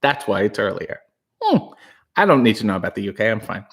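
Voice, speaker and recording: Hushed, breathy man riffing on a livestream. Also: lowish voice, very animated, a little fast. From Canada. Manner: breathy, hushed, rambling and joking. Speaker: livestream host reading chat. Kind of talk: casual live chat. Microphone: new studio microphone.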